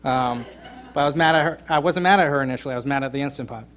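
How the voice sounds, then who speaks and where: A middle-aged man preaching a sermon, telling a funny story and joking with his congregation, with loud emphatic peaks. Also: mid-range voice, racing. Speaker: pastor. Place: church sanctuary.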